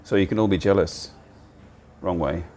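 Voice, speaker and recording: This older man hosts a relaxed livestream inside a cozy cafe, eating and rambling on. His low, slightly mellow voice moves at a moderate pace. A phone on a handheld gimbal captures it, with slight background noise.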